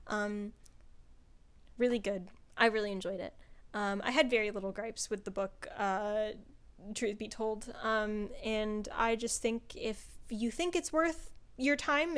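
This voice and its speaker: A young woman talking casually through a book review, chatty, with many fillers and some swearing when excited. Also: medium pitch, clean tone.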